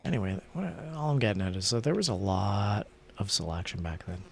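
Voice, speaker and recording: A man's voice: on the low side, sing-song, a little fast, slightly rough. A tired man streaming a game, rambling chattily about old computer games while he plays. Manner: rambling, chatty, thinking aloud while playing. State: tired, yawning. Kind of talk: casual gameplay commentary.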